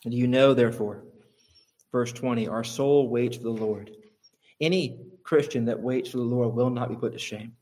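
A male pastor preaches a sermon. His mid-pitched voice climbs sharply high on key points and hammers home repeated phrases for emphasis. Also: normal speed, a little mellow.

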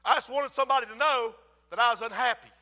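Man, preacher, very high bright voice, hushed to shouting, long hall echo. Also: fast. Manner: animated, swings from hushed to shouting. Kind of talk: sermon with acted-out story.

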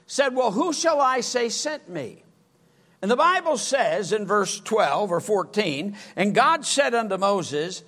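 A male preacher delivering a sermon, reading scripture in an emphatic, drawn-out way. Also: sits high, a bit bright.

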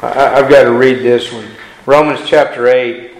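A man preaching a sermon as pastor, reading scripture slowly and building to emphatic appeals. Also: medium pitch, steady tone, roomy sound, rough recording.

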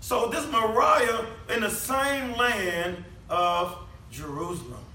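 A high-voiced man preaches a conversational sermon, leaning on rhetorical questions. His tone is bright and ringing. He sounds set back from the mic in an echoey room with faint background hum. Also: slow, recorded from a distance. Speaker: pastor.

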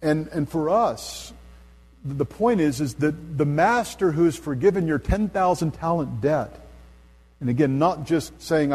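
A middle-aged man preaching a sermon as a pastor, earnest and emphatic at his high points, then soft and low as he tells stories. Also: lively intonation, moderate pace, husky. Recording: long hall reverb.

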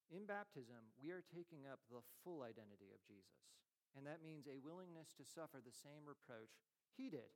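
A man preaching a sermon as pastor, conversational and self-deprecating, swinging from emphatic lines to quiet, low ones. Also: lively intonation, a little fast. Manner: conversational, self-deprecating with frequent light laughs.

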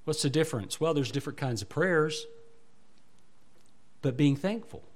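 A man's voice: a little high, expressive, normal speed, long pauses. A male pastor preaching a sermon with emphatic rises and falls, asking the congregation repeated questions.

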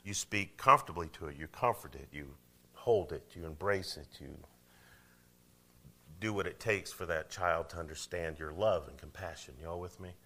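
Pastor, low voice with a sharp forceful edge, chatty preaching that swings from loud to quiet. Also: male voice, moderate pace. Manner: conversational preaching, asks the congregation questions, swings from loud to hushed. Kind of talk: sermon.

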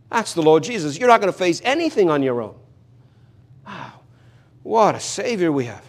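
A man's voice: a little high, sing-song, moderate pace, pauses often. Earnest man preaching with repeated emphasis. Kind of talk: expository sermon.

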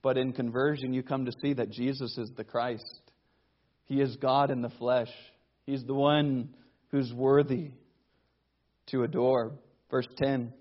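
A man preaching a verse-by-verse sermon, reading scripture aloud and pressing rhetorical questions. He slows down and swells on key phrases for emphasis. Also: mid-range voice, lo-fi sound.

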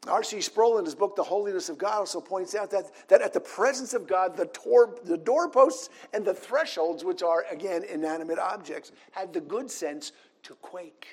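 A man's voice: high-pitched, expressive, moderate pace, breathy edge. A man preaching a sermon, reading scripture passages aloud in an earnest manner.

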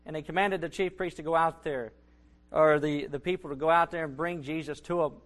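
A man's voice: fairly high pitch, fairly even intonation, fairly quick, a bit bright. A man preaching a sermon, building to emphatic bursts and repeating his phrases. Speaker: Baptist preacher.

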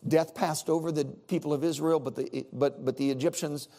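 A middle-aged man, a Baptist preacher leading a Seder, telling a story in a sermon with lively, repetitive phrasing. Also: a little high, moderate pace. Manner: animated, repeats words while telling a story.

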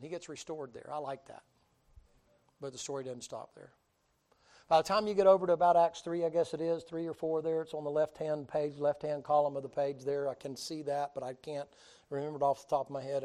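A man preaching a storytelling sermon in a folksy, humorous way, swinging between loud and quiet delivery. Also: on the high side.

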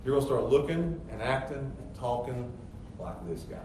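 A middle-aged pastor preaching a sermon with emphatic, rising rhetorical questions. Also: male voice, mid-range voice, sing-song, normal speed, warm tone. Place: church sanctuary. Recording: very echoey church hall, distant mic, faint noise.

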